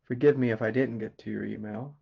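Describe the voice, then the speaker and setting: A man from Kentucky with a Southern accent, a spiritual teacher giving a slow, meditative satsang talk and asking quiet questions between soft laughs. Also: lowish voice, steady tone, vocal fry, slightly rough, muffled recording. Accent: Southern American. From Kentucky, USA.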